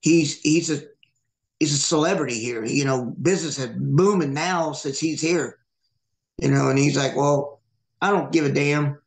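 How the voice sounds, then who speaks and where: A man's voice: on the high side, moderate pace, vocal fry. A man hosting a podcast, casually telling a long story, swearing and acting out the people he quotes. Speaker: podcast host. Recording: echoey room.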